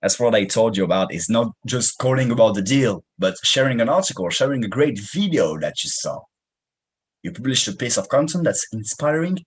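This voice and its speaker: Young male sales coach with a French accent, husky, lively pitch, energetic. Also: a little fast, low-quality recording. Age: young adult. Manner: energetic, punchy, slangy with "man". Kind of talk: motivational sales training talk.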